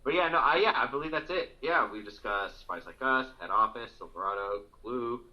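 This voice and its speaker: A man's voice: medium pitch, lively intonation, a little fast, sharp tone. A man co-hosting a podcast, laughing often as he reminisces in casual chat. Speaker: podcast co-host. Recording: dull lo-fi podcast audio.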